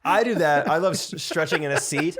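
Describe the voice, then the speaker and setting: A man's voice: a little high, fairly quick, fairly bright tone, slightly rough. A man co-hosting a podcast, joking in a playful, casual way. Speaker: podcast co-host. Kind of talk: casual chat.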